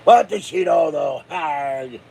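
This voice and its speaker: Gravelly guy rambling jokey on his vlog, slightly high voice. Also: moderate pace. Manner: rambling, jokey, breaks into growled pirate shouts. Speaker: channel host.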